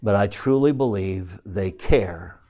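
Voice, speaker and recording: A middle-aged man giving a speech, telling personal stories in an animated way and acting out the people he quotes. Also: lowish voice, slow. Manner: animated storyteller, acts out quotes, chuckles through stories. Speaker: speaker addressing an audience.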